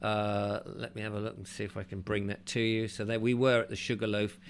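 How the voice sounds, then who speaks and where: A man's voice: lowish voice, brisk, noisy background. A man reading a travel book aloud to listeners and breaking off for chatty asides. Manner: chatty, breaks off to comment, animated in the read passages. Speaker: audiobook reader and host. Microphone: desk mic with keyboard nearby.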